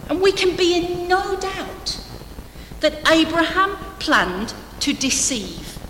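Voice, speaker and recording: A woman's voice: very high voice, sing-song, slow pace, fairly bright tone, slight background noise. A woman preaching a sermon to her church, conversational and humorous, with dry asides. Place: church hall. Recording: echoey church hall, faint ambience.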